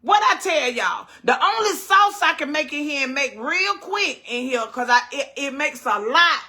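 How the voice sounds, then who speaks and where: High bright woman preaching. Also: normal speed. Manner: animated, preachy rhetorical questions. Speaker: cooking show host. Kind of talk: casual livestream chat.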